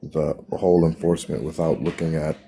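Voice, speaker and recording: A man speaking as a guest on a panel in a measured, slightly hesitant way. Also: extremely low pitch, little pitch movement, dark tone. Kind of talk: casual panel discussion. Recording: crowd noise behind the voice.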